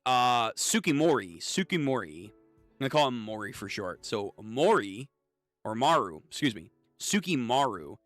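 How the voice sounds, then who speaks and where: A man hosting a casual reaction read-through of manga, excitable and swearing, reading lines aloud. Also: medium pitch, no room sound. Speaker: channel host reading manga.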